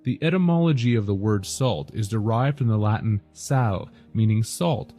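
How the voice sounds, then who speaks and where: A man reads a prepared narration in a steady, lecturing way. His voice is dark and mellow, and soft music plays quietly underneath. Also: medium pitch, moderate pace, few pauses. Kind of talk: scripted narration.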